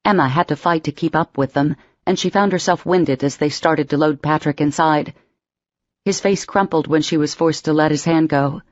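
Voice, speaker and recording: A woman narrating an audiobook in a steady, expressive storytelling voice. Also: low-pitched, moderate pace, dry recording, muffled recording. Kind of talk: scripted narration.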